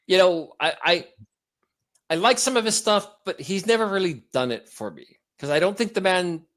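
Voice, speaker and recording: A hoarse man co-hosting a podcast, chatting casually and joking around. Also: high voice, moderate pace. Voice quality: animated, joking. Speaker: podcast co-host. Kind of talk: casual chat.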